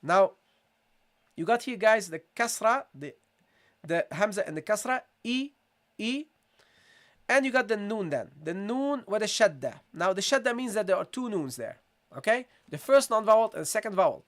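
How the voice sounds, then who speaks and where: A Quran recitation teacher giving a tajweed lesson, patiently repeating syllables slowly for students, with a slight cold and occasional throat-clearing. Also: mid-range voice, very animated. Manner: patient, repeats sounds slowly, calls listeners "guys". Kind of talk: tajweed lesson, live session.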